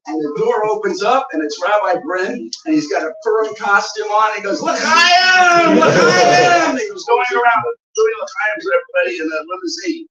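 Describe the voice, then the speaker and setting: Animated storyteller in an echoey hall. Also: male voice, high-pitched, brisk, few pauses, far from the mic, background noise. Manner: animated, acts out the voices in his stories. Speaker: speaker at a memorial gathering. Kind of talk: storytelling anecdote to a live audience. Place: gathering room with an audience. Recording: dull, echoey room miked from afar, audience audible.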